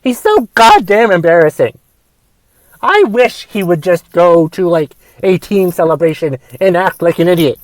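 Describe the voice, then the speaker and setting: A young man with a slightly high voice hosts a comedy podcast alone. He rants with heavy profanity, flaring into shouts and then sinking into mumbled asides. His voice sounds dry and close to the mic. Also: big pitch swings, moderate pace, no echo. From United States. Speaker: podcast host and stand-up comedian. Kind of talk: comedic solo podcast rant.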